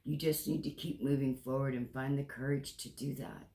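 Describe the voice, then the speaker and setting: A man's voice: medium pitch, level tone, moderate pace, creaky, dark tone. Earnest man in his sixties reading cards. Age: 60s. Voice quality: repeats phrases, restarts often. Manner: emotional, tearful at times, earnest and encouraging. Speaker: tarot reader. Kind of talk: spiritual card reading monologue.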